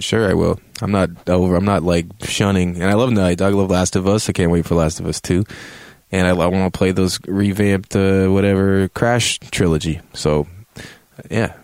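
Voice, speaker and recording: A man with a very deep, gravelly voice rambles through a profane, joking game review. He speaks close to the mic in a dry, dead room. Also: steady tone, normal speed, a little mellow, dry recording. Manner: profane, joking, acts out reactions in a high yelp. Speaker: game reviewer, show host.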